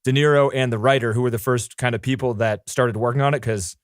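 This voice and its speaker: A man co-hosting a film podcast talks in a quick, lively rush of casual chat. He keeps breaking into mocking impressions of characters. His voice sits close to a dry, dead mic. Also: mid-range voice, no echo. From Irish heritage. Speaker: podcast co-host.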